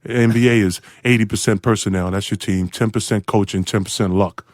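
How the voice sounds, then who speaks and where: A man guesting as a storyteller tells a sports story with lots of energy, laughing often and acting out quotes with big pitch jumps. His tone is steady and brisk, recorded in studio quality with no room sound.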